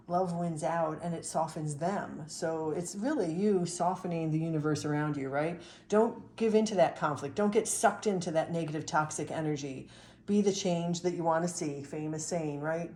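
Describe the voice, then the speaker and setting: A woman's voice: deep voice, a little mellow, reverberant, slight background noise. A middle-aged woman doing a chatty, upbeat spiritual card reading. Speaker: tarot and oracle card reader.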